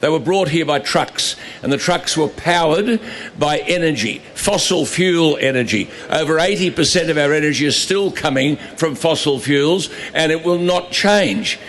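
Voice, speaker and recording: A man addresses an outdoor rally through a stage microphone, his voice sitting a little high for a man. He speaks with emphatic, repetitive insistence and a sarcastic edge. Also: moderate pace, fairly bright tone. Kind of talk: outdoor protest speech.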